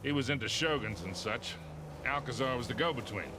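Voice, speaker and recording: An actor playing a seasoned older male smuggler in a game, telling an old story in a dry, unhurried way, heard through game audio. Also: mid-range voice, lively intonation, lightly acted. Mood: wry. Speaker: game character, older treasure hunter. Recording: game audio under gameplay noise.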